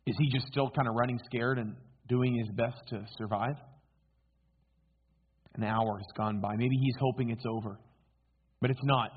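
A man's voice: mid-range voice, steady tone, moderate pace, pauses often, husky. A male preacher giving a sermon, telling the story dramatically and posing rhetorical questions to his listeners. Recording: tinny phone-like sound.

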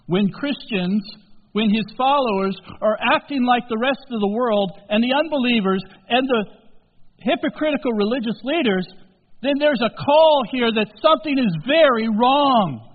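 A man preaching a sermon as pastor, swinging from quiet, low asides to loud, emphatic peaks and stretching key words out slowly. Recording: tinny phone-like sound in a reverberant hall.

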